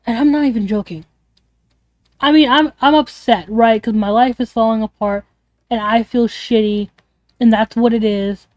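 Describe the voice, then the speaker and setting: A woman's voice: a little high, darkish tone, dry recording, studio quality. A young woman streamer venting in a casual, rambling way, emotional and swearing often.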